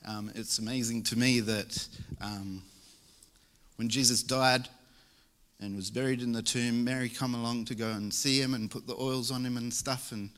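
A man's voice: medium pitch, steady tone, moderate pace, a bit bright. A young man preaching a church sermon in a casual, joking way. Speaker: lay preacher. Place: church service.

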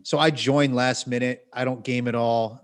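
A man's voice: mid-range voice, fairly even intonation, moderate pace. A man co-hosting a podcast, telling a long story in a rambling, wry way full of self-corrections and asides. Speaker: podcast co-host. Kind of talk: casual storytelling.

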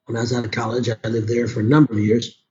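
This casual conversation features a middle-aged Chicago man, a voice actor and audiobook narrator with a sore throat. He speaks quickly in a warm, medium-pitched voice with a flat delivery, and the audio is dull. His talk rambles, full of restarts and asides.

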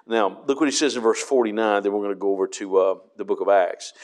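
Low-voiced man teaching a Bible study. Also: quick pace, few pauses, a little mellow. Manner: conversational, reads scripture aloud with frequent fillers. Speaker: pastor.

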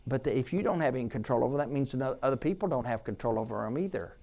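Racing along at a medium pitch, an animated pastor urges his listeners with rhetorical questions. His sermon swings between loud appeals and soft asides.

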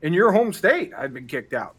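Man, from the US, podcast co-host, casual storytelling, acts out quotes, swears a lot, animated pitch. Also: normal speed, slightly rough. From United States.

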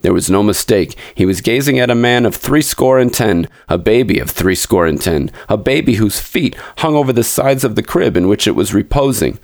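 A man's voice: fairly low pitch, animated, a little fast, gravelly, hardly any pauses, a little mellow, no echo, clean studio sound. A man reading a classic short story aloud as a podcast storyteller, in a dramatic narration that speaks to the listeners directly.

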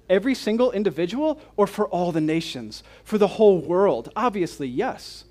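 A man's voice: high-pitched, very animated, a little fast, few pauses, a little mellow. A man preaching a conference sermon, reading scripture and then explaining it with emphatic, repeated rhetorical questions. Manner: emphatic and repetitive.

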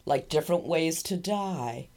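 A woman co-hosting a casual chat, animated and laughing often as she teases her co-host. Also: sits low, a little slow, a crowd in the background. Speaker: podcast co-host.

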